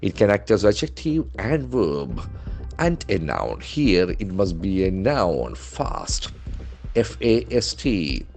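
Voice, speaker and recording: Brief: male trainer, lowish voice, methodical spell-and-pronounce delivery, soft music behind. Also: sing-song, slow pace. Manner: spells words letter by letter and models pronunciation. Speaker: English trainer. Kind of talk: newspaper vocabulary lesson.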